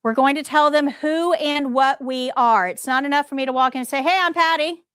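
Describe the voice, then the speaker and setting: In a studio-quality clip with no echo, a woman with a high voice talks a little fast and keeps her intonation fairly even. She's teaching a live nursing-assistant test prep class, addressing students head-on with emphasis and plenty of rhetorical questions.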